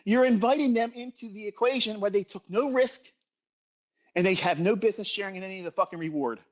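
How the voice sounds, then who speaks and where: A man's voice: high-pitched, quick pace, lo-fi sound. A middle-aged man giving a profane, scolding lecture as a trading educator in a livestream rant.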